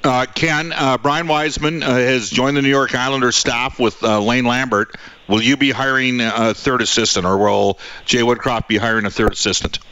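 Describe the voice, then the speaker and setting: A man's voice: mid-range voice, steady tone, moderate pace, sharp tone. A man hosting a sports radio interview, asking long, winding questions with frequent fillers.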